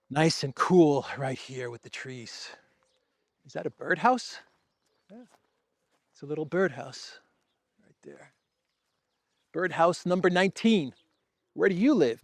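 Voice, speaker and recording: A man who grew up in Greece, a show host, giving casual solo commentary in a sardonic, drawn-out way with laughing asides, recorded outdoors among trees. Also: mid-range voice, a bit bright, no echo.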